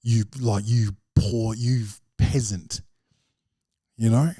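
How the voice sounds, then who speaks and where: In a loose, swearing-heavy podcast monologue, an Australian stand-up comic tells rambling stories packed with slang and repeated "bro." He speaks slowly in a lowish, mellow voice with fairly even intonation and long pauses, and the studio sound is clean with no echo.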